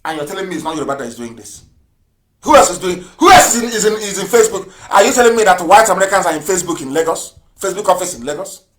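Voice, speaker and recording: A man's voice: animated, a little hiss or hum. Fiery man on live radio. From Nigeria. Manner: fiery, mocking, rapid rhetorical questions; swings between loud outbursts and low mutters. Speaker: broadcaster.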